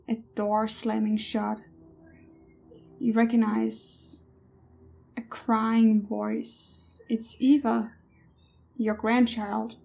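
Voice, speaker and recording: A woman narrating a tabletop horror game as game master in a measured, second-person way. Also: a little high, gravelly, mellow.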